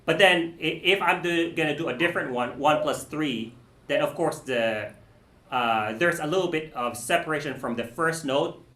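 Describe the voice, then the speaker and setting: A man teaching a cello masterclass, explaining bowing and phrasing patiently, with many pauses, restarts and "okay"s. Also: a little high. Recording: roomy echo.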